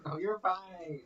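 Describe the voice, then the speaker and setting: A man's voice: sits high, a bit bright, a little hiss or hum. Laid-back man with a Russian-tinged accent. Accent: mixed Russian-sounding. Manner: laid-back, laughs often, rambling. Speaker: streamer. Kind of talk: casual chat. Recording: distant muffled mic.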